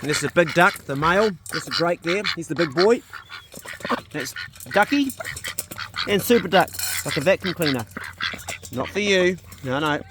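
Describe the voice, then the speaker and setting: A man's voice: medium pitch, a bit bright, slight background noise. A laid-back man, chatting casually in a vlog from a vegetable garden outdoors. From New Zealand. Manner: laid-back, chatty, lots of yeah and bro. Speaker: vlogger.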